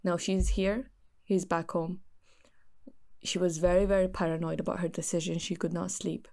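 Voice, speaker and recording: Young woman with a gravelly low-ish voice, telling a friend's story, casual chat. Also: flat delivery, moderate pace, a little mellow. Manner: earnest, recounting a friend's story.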